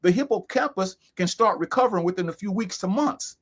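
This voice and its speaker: An emphatic man in co-hosts a serious talk, voice pitched high. He drives points home by repeating key phrases slowly. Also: lively intonation. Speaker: co-host. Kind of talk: earnest discussion.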